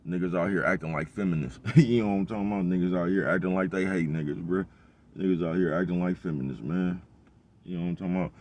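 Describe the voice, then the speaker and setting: Deep-voiced man rambling in street slang. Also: fairly even intonation, fast. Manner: rambling, profane street slang, repeats "bruh" and "you know what I'm talking about". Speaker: vlogger. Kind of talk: casual monologue.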